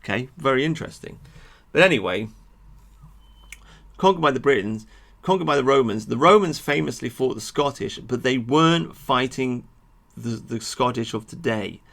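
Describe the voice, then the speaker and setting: A man giving an animated, sweary monologue to his viewers about history, with frequent asides. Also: mid-range voice, moderate pace, gravelly, few pauses. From England. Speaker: history vlogger. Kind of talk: ranting monologue to camera.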